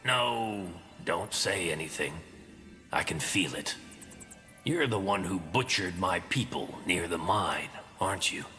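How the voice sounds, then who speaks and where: A man's voice: sits low, measured pace, pushed and bright, faint music behind. A man voicing a bitter, cruel male orc butcher in a video game, speaking in a menacing, sneering way.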